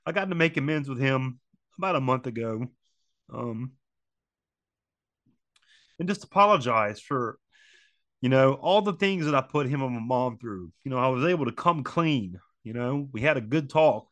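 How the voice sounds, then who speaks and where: A man's voice: medium pitch, lively intonation, moderate pace, pauses often, a bit bright, dry recording. A grieving man in his forties talking earnestly about loss, repeating phrases and using many fillers. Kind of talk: emotional personal reflection on loss.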